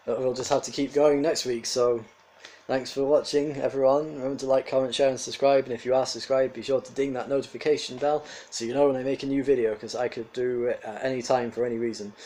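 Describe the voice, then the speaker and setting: A man reading a book aloud on his channel, then chatting to viewers in a friendly, animated way. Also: medium pitch, moderate pace, poor audio. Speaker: reader and channel host. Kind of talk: storybook reading and casual sign-off.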